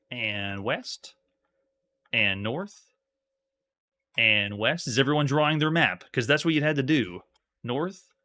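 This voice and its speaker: Bright-voiced man streaming retro games. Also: mid-range voice. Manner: reads game text aloud, chatty asides to viewers. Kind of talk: live gameplay commentary.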